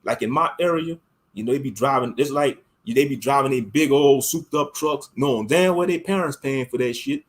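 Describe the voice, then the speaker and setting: A man from the United States giving a casual, rambling rant as an online commentator, emphatic and slangy, swinging from loud outbursts to low mutters. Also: normal speed.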